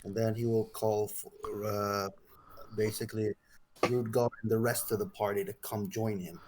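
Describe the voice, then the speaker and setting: A man playing in a tabletop game, speaking quietly and hesitantly, often trailing off. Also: on the low side, level tone, moderate pace, a little hiss or hum. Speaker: player. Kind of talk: casual tabletop play.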